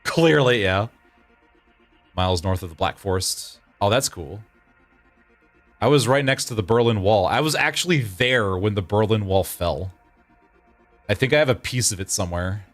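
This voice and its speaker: A man in his thirties streams a game and chats loosely with viewers, laughing a lot, rambling and often restarting what he says. His lowish voice has lively intonation at a moderate pace, with frequent pauses over soft background music.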